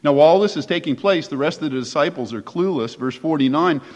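A man's voice: fairly high pitch, expressive, fairly quick. A man preaching a sermon as pastor, conversational and emphatic, posing rhetorical questions to his listeners. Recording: echoey hall, dull lo-fi sound.

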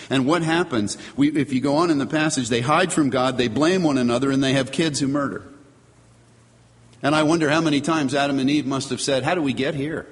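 A man preaching a sermon, earnest and emphatic, reading scripture aloud and driving points home with measured pauses. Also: mid-range voice, long reverb tail. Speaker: pastor.

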